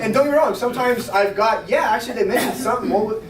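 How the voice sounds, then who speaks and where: A man giving an energetic sales training talk to a small group, checking in often with his listeners. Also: sits high, a crowd in the background. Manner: energetic, fast, coaching with repeated check-ins. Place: restaurant meeting room. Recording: roomy, distant, faint noise.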